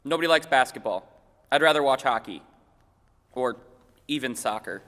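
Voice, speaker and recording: Lively young man doing mock news. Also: mid-range voice, normal speed, long reverb tail. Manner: deadpan wisecracks, mock-anchor delivery. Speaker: segment host. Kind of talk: comedic news parody.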